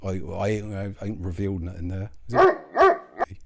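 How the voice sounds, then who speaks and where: A man's voice: sits low, wildly swooping pitch, unhurried, gravelly, fairly bright tone. A man hosting his own channel, rambling in a sardonic, sweary commentary that keeps interrupting itself.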